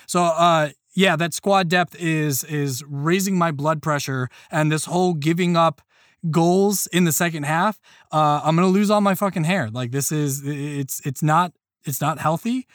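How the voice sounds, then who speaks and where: A man co-hosting a casual podcast, talking in an exasperated, animated way with plenty of swearing. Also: sits high, no room sound, clean studio sound. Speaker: podcast co-host.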